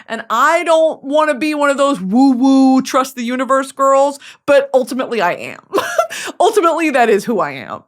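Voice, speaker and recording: On her podcast, the young host runs a casual comedic monologue peppered with swearing, dramatic asides and silly mock voices. She speaks at a moderate pace in a high-pitched, sing-song voice.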